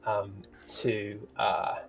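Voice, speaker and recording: A man's voice: on the low side, steady tone, very slow, vocal fry, soft background music. A man running a tabletop role-playing game as game master, narrating in a playful, rambling way with sound-effect noises.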